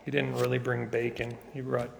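Male pastor, sermon, gravelly and slightly high, emphatic, big hall reverb. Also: monotone, normal speed, slight background noise. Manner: joking asides, building to emphatic preaching.

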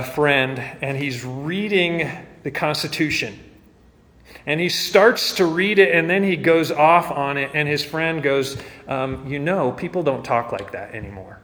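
A man's voice: mid-range voice, a bit bright, long reverb tail. A man preaching a sermon as pastor, earnest and rising to fervent emphasis.

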